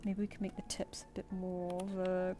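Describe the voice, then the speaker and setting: Over music, a woman with a fairly low voice speaks at normal speed with a completely flat delivery. She is streaming as she draws, musing aloud and casually answering the comments her viewers leave in chat.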